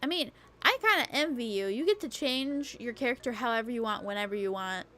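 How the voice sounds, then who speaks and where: A woman's voice: fairly high pitch, animated, fairly quick, pushed and bright. A young woman streaming a casual late-night chat, rambling and chatty, peppering her talk with "like" and the odd swear word. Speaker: VTuber streamer.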